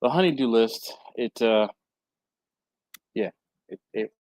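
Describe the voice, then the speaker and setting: A man's voice: slow, a little hiss or hum. A man hosting a casual livestream from a hot garage, chatting and reading viewer comments aloud, laughing often. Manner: chatty, laughs often, lively swings in pitch. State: hot and sweaty. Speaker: livestream host. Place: warm home garage with a fan and air handler.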